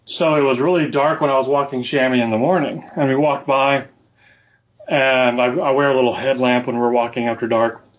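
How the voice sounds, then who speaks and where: A man's voice: medium pitch, steady tone, fairly quick. A man telling a story to his co-hosts in casual chat, with dry, wry humor. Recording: dull lo-fi audio.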